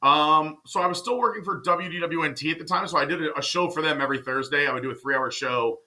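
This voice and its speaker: A man guesting on a podcast, telling stories in casual, animated chat. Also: on the high side. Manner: fast, animated storyteller.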